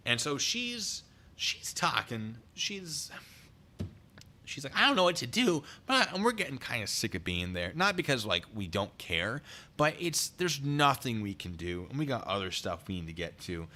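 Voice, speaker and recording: A man's voice: medium pitch, moderate pace. A young adult man casually telling funny stories from his time as a military police officer, acting out the voices of the people in them. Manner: animated, acts out quoted voices; self-described deadpan humor. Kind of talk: casual storytelling chat.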